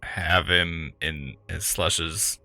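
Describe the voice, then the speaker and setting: Deep, bright-toned man at a tabletop game. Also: fairly even intonation, very slow, soft background music. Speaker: player.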